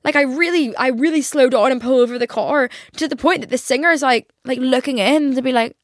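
A woman's voice: high voice, brisk, no echo, studio quality. A young woman in her twenties hosting a casual solo podcast, rambling, swearing a lot and acting out her own reactions. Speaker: podcast host.

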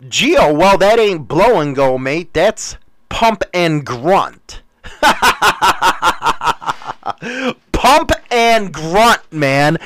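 A man's voice: on the high side, fairly bright tone, clean tone, no echo. A man from the United States hosting a stream, reading chat and rambling crudely with lots of fillers and jokes.

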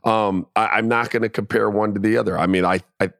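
Fast-talking male sports co-host. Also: on the low side, steady tone, gravelly, a bit bright, no room sound, clean studio sound. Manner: fast, laughing, guarded. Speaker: podcast co-host. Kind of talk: casual sports chat.

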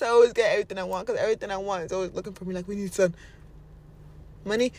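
A vlogger with a mid-range voice talks very fast as she gives casual advice on manifestation and motivation. She's playful and laughs often, slipping into mocking voices and swearing casually.

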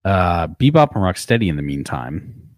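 A man's voice: low voice, very animated, moderate pace, a little mellow, dry recording. A man co-hosting a podcast, loosely recapping a cartoon episode and swearing freely as he goes. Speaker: podcast co-host.

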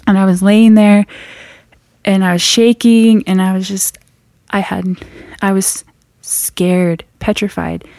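A woman telling a frightening personal story in an earnest, halting way, often restarting her sentences. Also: mid-range voice, little pitch movement, warm tone, dry recording, clean studio sound.

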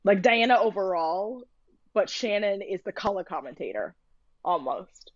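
A woman's voice: mid-range voice, lively intonation, moderate pace, no echo, muffled recording. A woman co-hosting a podcast, chatting casually and opinionated as she recaps a TV show with lots of fillers. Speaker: podcast co-host.

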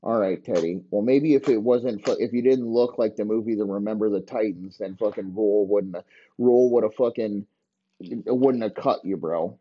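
A man's voice: fairly low pitch, moderate pace, slightly rough, dull audio. A man hosting a podcast, ranting in a crude, mocking, rambling way. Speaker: podcast host. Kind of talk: crude comedic rant.

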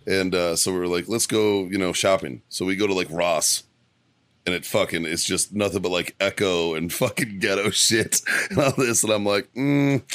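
Male podcast co-host, lower register, rough smoker's voice, profane and laughing storyteller, dry studio mic. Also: normal speed, a bit bright, no echo. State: rough from smoking. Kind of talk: casual chat.

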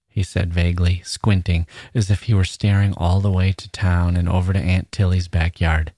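Deep-voiced man reading fiction. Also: flat delivery, moderate pace, mellow, no echo, studio quality. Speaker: narrator. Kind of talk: literary reading.

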